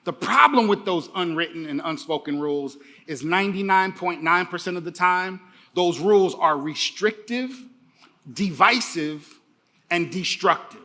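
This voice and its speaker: A man's voice: sits high, normal speed, bright, forceful tone. A middle-aged man giving a motivational keynote speech, emphatic and repeating key phrases for the audience. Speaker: keynote speaker.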